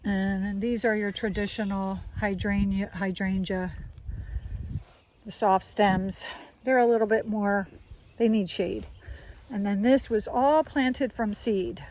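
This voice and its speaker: A woman's voice: medium pitch, fairly even intonation, slow, a little mellow, low-quality recording. A woman with a South Jersey accent giving a casual walking tour of her suburban garden, chatty and enthusiastic as she points things out.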